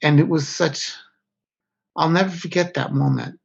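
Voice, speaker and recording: A man's voice: on the high side, steady tone, normal speed, creaky. A man, a guest author, speaking candidly and reflectively in an interview, often breaking off mid-thought. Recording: slightly dull lo-fi audio.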